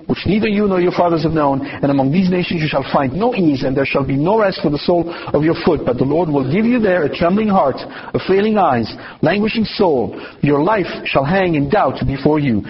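A man's voice: on the high side, animated, a little fast, hardly any pauses, husky, highs cut off. A man teaching from the Bible, reading passages aloud and then explaining them with emphatic asides. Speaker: preacher.

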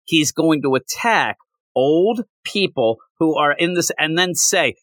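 A male podcast co-host tears into a comic issue with sarcastic, exasperated energy. His voice is bright and swings widely in pitch. The sound is dry and close. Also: expressive, unhurried, no echo. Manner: sarcastic, exasperated, mocks lines in put-on voices. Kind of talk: casual comic book review chat.

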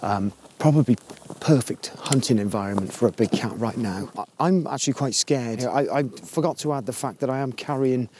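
A man's voice: medium pitch, brisk, a little mellow, a little hiss or hum. A man presenting a comedy documentary in a dry, mock-dramatic way. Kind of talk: comic field presenting.

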